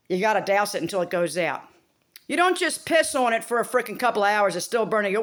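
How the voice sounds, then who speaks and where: A woman's voice: fairly high pitch, big pitch swings, a little fast, sharp tone. A woman vlogger talking to camera in a rambling, profane, exasperated rant.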